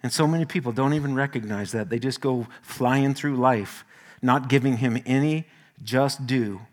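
A male pastor preaching a sermon, telling stories in a folksy, animated way with homely asides. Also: mid-range voice, normal speed.

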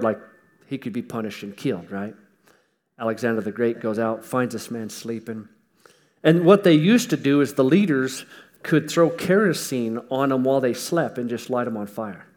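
A man delivers a folksy, emphatic sermon, swinging from loud stresses to hushed asides with touches of humor. His voice is mid-range, and he's in a large hall.

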